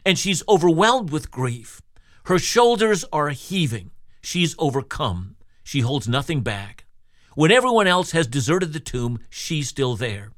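A male Bible teacher delivers a radio sermon with an animated, rising-and-falling delivery. His pitch sits a touch above the usual male range. The recording is dry and close, with no room sound. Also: a little slow, no room sound. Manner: expressive, rhetorical preaching with direct address to listeners.

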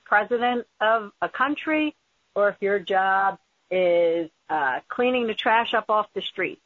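A woman's voice: medium pitch, animated, a little slow, dry recording. A woman hosting an interview, speaking in an earnest, emphatic and encouraging way. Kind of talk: conversational interview. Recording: phone-like tinny audio.

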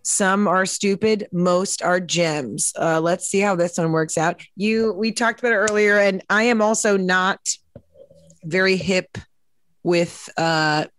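A woman's voice: fairly low pitch, slow pace, a bit bright. A woman hosting a podcast in casual chat, self-mocking and rambling with jokes. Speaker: podcast host. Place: indoor studio.

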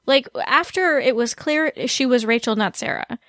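Woman, fairly high voice, podcast co-host, casual chat, restarts sentences, dry sound. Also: normal speed, fairly bright tone, no room sound. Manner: chatty, frequent restarts and laughs.

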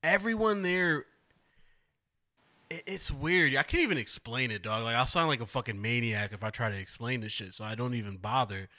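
Male podcast co-host, bright and animated, casual banter with laughs. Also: mid-range voice, moderate pace. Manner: animated, laughing, swearing freely. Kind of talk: casual chat.

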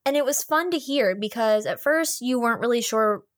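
A woman co-hosting a podcast, reviewing an audiobook in casual, fast chat full of "like" fillers. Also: on the high side, no echo, studio quality. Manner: chatty, fast, lots of "like" fillers.

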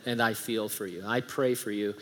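A man's voice: lowish voice, steady tone, normal speed, fairly bright tone, a little hiss or hum. Middle-aged male pastor, conversational sermon delivery, emphatic scripture reading, light humor. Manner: conversational preaching with humorous asides; reads scripture aloud with emphasis.

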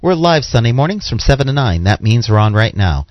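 A man's voice: mid-range voice, very animated, a little fast, no echo. A man hosting a radio show, announcing segments in a polished, upbeat way. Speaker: radio host. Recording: slightly dull radio audio with music.

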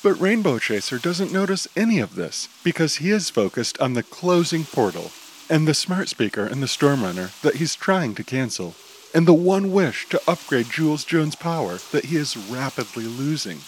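A man narrating an audio drama in a steady, descriptive storytelling manner. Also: a little high, normal speed, slight background noise, rough recording.

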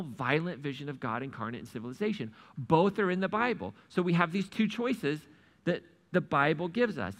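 A man preaching a sermon, retelling a parable with lively acted-out dialogue. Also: on the high side. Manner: animated storytelling, acts out the characters' lines. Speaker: pastor.

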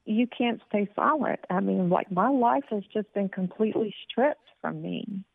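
A woman in her forties, a healthcare worker guest, speaking in an earnest, halting way on a phone line. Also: medium pitch, animated, vocal fry, no room sound. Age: 40s. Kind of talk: interview.

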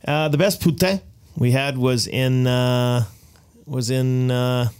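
A man on a podcast, casually recounting travel stories with animated delivery. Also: mid-range voice, takes it slowly, smooth, no room sound. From United States. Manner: animated storyteller, voices quoted people. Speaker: podcast co-host. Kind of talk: casual chat, storytelling.

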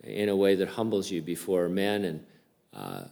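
A man's voice: low voice, very animated, normal speed, creaky, a little mellow. An older man, a pastor, giving a casual, conversational sermon with many fillers and restarts.

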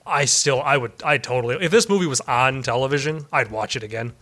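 A man's voice: mid-range voice, fast talker, pushed and bright. A man co-hosting a casual podcast, talking in a rambling, self-deprecating way. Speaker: podcast co-host.

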